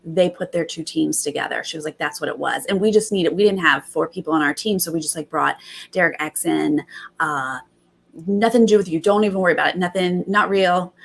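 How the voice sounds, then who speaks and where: A young adult woman hosting a casual recap, retelling events in animated bursts and quoting others. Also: lowish voice, brisk, gravelly, breathy edge. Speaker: host.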